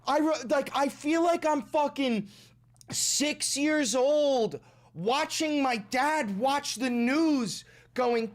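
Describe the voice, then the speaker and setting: A man's voice: very high voice, slow. Profane, ranting man reacting to news. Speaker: streamer commenting on the news. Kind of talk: casual news commentary.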